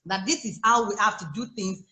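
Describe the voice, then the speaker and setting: A woman with a Nigerian English accent, a life coach giving chatty, animated advice to new mothers on a video call, laughing often. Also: mid-range voice, a little fast, reverberant. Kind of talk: casual advice on a live chat. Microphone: phone or laptop on a video call.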